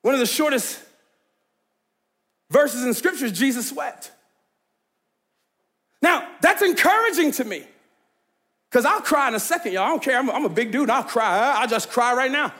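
A man's voice: very high voice, expressive, moderate pace, long pauses, sharp tone. A man preaching a sermon as pastor, emphatic and conversational, calling out to the congregation and laughing easily.

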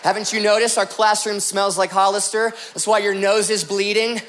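In a comedic sermon, a pastor with a high voice speaks at normal speed over slight background noise. He tells jokey, animated stories and slips into put-on voices before making his point.

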